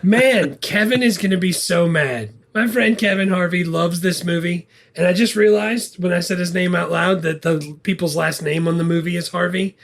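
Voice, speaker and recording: Male podcast co-host: relaxed, easygoing, a little hesitant, pitched a touch high. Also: normal speed, hardly any pauses. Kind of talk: casual chat.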